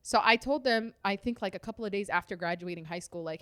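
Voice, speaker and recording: A woman's voice: mid-range voice, quick pace, fairly bright tone, clean tone, dry recording. A woman with a mid-range voice tells her own story as a podcast guest. She is reflective and loose, with plenty of fillers. The sound is close and dry. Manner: conversational, reflective, with frequent fillers. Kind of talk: candid personal storytelling.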